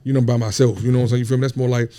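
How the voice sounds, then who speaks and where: A man's voice: mid-range voice, flat delivery, very fast, warm tone. A man hosting a podcast in casual chat, rambling and streetwise, who keeps asking "you know what I'm saying". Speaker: podcast host.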